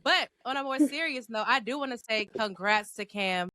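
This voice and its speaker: A woman's voice: fairly high pitch, expressive, normal speed, pushed and bright, dry recording. A woman co-hosting a casual sports talk show, speaking effusively. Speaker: co-host.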